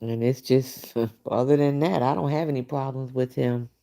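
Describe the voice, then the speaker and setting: A woman's voice: a bass voice, steady tone, moderate pace, vocal fry, dark tone. A middle-aged woman hosting a late-night livestream, chatting bluntly and casually with viewers and reacting to their comments. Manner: blunt, chatty, frequent "you know". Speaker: livestream host.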